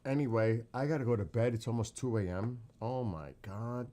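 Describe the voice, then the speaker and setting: A man's voice: mid-range voice, moderate pace, dark tone. A man with a New York accent chatting casually with his live-stream viewers late at night, quizzing the chat and laughing often.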